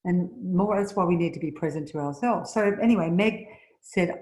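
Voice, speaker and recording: A woman's voice: normal speed, hardly any pauses, darkish tone. Woman leading a spiritual seminar, echoey room. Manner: storytelling, acts out quoted voices with rising pitch. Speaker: seminar leader.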